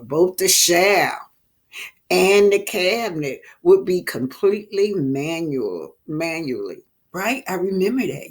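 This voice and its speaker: A woman's voice: low voice, a little mellow, breathy edge. A woman host chatting through a casual recap of a reality show, telling it like a story.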